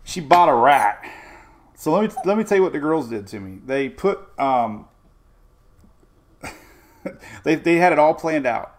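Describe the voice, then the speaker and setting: A man's voice: a little high, animated, unhurried, long pauses. An older man hosting a casual weather show, chatty and rambling with homey asides.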